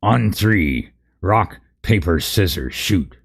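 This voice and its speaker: A hulking rock giant growls in a pirate drawl, put on by a man reading a comic story. The voice sits extremely low and husky, rough around the edges. It is a storybook giant, grumpy and blunt. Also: expressive, takes it slowly, full character voice. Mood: gruff.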